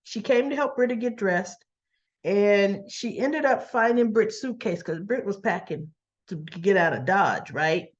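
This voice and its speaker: A chatty woman retells the day's soap scenes, slipping into each character's lines as she goes. Her voice sits at an ordinary middle pitch. The recording sounds a little dull and lo-fi, like a home setup. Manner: acts out characters' lines in quick quoted bits, chatty, laughs often. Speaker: soap opera recap vlogger. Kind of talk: casual episode recap, retelling scenes.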